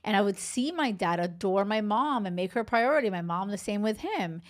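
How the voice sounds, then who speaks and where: A woman in her thirties, a love coach, talking casually and warmly on her podcast, rambling with fillers. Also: medium pitch, lively intonation, fairly quick. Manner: chatty, heartfelt, rambling with fillers.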